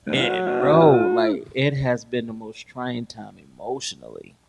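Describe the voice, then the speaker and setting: A man's voice: medium pitch, very animated, measured pace, gravelly, crowd noise. A man co-hosting a podcast, telling stories in casual chat with slang, laughing often and acting out what people said. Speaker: podcast host.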